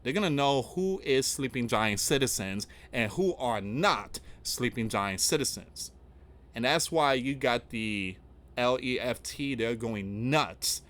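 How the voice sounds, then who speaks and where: A man with a medium-pitched, fairly bright voice and lively intonation speaks a little slowly. He hosts an online news channel, reading news items aloud and reacting with rhetorical questions in casual political commentary to viewers. He rambles and repeats himself, often restarting with "again" and "guys."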